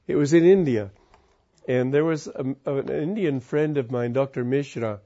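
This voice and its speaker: A man giving a reflective spiritual talk, telling a personal story in a calm, musing way with wandering sentences. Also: mid-range voice, moderate pace. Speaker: spiritual teacher. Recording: muffled lo-fi recording.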